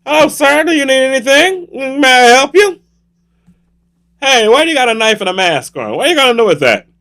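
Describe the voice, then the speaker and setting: A man's voice: very high-pitched, moderate pace, creaky, pushed and bright, voice pushed up, heavily acted. A man voicing a frightened, polite victim who is confronted by a masked killer. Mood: scared.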